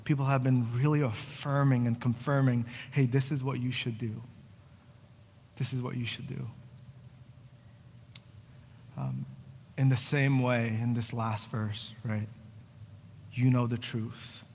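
A young male pastor from New Jersey preaches in a relaxed, conversational way, breaking into light jokes before turning earnest and pleading. His mid-pitched voice rings out with a long reverb tail from a church hall. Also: takes it slowly, pauses often, slight background noise. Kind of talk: sermon. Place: church sanctuary.

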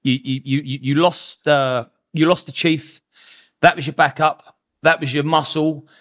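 A man's voice: a little high, steady tone, measured pace, a bit bright. A man from England hosting a podcast, who sums up and probes the guest's story, often repeating his words as he starts. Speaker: podcast host. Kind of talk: interview questions.

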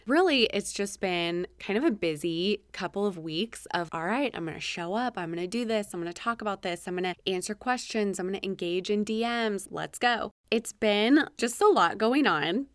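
A woman's voice: mid-range voice, fairly bright tone, clear, resonant tone, no echo, clean studio sound. A woman hosting a solo podcast, talking energetically and acting out her own thoughts in quotes. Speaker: podcast host. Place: home office.

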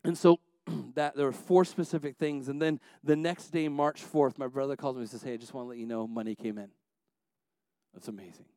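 A man's voice: medium pitch, fairly even intonation, brisk, no room sound. A man preaching a sermon as a pastor, telling family stories with many restarts and building to passionate exhortations. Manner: storytelling, many restarts, swings between soft asides and rising exhortation.

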